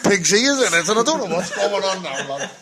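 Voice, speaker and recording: A man's voice: sits high, animated, fairly quick, background noise. A man with a Scouse accent in casual, sweary banter, often laughing as he talks. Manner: sweary, laughs a lot while talking.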